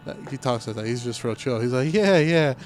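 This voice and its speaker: A man's voice: mid-range voice, fairly even intonation, fast, a little mellow, a little hiss or hum. A young man telling a casual story on a podcast recorded in a car, acting out what people said. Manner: laid-back storytelling, acts out quoted talk. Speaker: podcast co-host. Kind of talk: casual chat.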